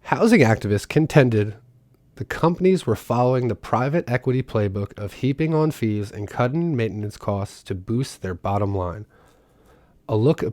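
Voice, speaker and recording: A man's voice: lowish voice, a little mellow, no room sound. A man reading a news article aloud and breaking off for sarcastic commentary. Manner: sarcastic, breaks off to mock the text. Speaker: political commentator.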